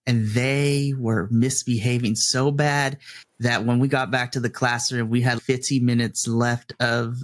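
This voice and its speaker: Animated, storytelling male teacher. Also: mid-range voice, a little slow. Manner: animated storytelling, acting out his own rants. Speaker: middle school teacher and podcast co-host. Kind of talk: casual podcast chat.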